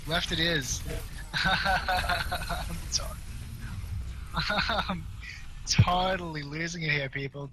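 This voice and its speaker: A young man casting an online game match, excitable and rambling, his voice going hoarse and tired. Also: a little high, a little hiss or hum, low-quality recording. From Australia or New Zealand. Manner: excitable, fast, rambling with fillers. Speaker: esports caster. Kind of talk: play-by-play game commentary.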